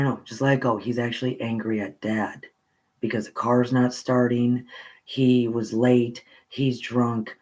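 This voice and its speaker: A man casually telling a personal childhood story, rambling with pauses and restarts. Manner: rambling, with pauses and restarts, rising pitch when excited.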